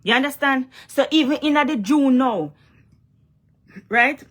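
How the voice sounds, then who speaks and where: A young Jamaican woman vlogging in a loose, emphatic way, circling back to her points and pressing the listener with questions. Her voice sits somewhat high for a woman. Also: measured pace. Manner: emphatic, repeats herself, asks "you understand?". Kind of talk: casual direct-to-camera vlog rant.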